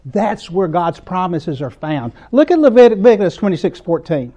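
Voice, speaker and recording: A man's voice: high-pitched, very animated, moderate pace, warm tone, muffled recording. A man with a Southern US accent preaching a sermon in an earnest, conversational way, building to emphatic points.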